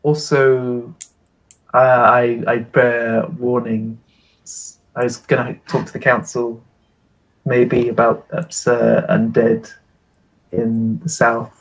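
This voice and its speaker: A man playing in a tabletop game, speaking hesitantly and halting in character. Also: medium pitch, flat delivery, lo-fi sound. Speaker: player.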